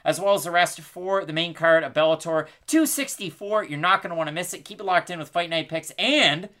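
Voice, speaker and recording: A man's voice: on the high side, brisk, pushed and bright. A man co-hosting a sports podcast in casual chat, upbeat and promotional, often putting questions to the audience. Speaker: podcast co-host.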